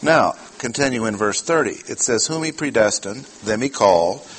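Guy preaching a verse-by-verse sermon, mid-pitched voice, repeats his points, asks the crowd questions, faint hiss behind. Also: animated, normal speed, poor audio. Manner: emphatic teaching with rhetorical questions and repetition.

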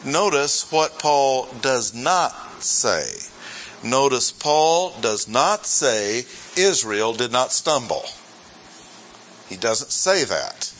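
A man teaching scripture verse by verse, slow and deliberate as he leans on each point. His voice is bright and lively, climbing high whenever he presses an emphatic answer. Faint room ambience sits behind him. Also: slight background noise, poor audio. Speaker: Bible teacher.

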